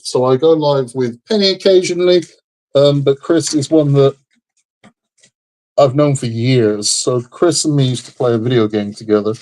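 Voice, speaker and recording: A man's voice: medium pitch, darkish tone. Tired, rambling man chatting live. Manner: rambling, frank, repeats himself. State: tired, under the weather. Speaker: livestream host building a model kit. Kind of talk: casual live-stream chat.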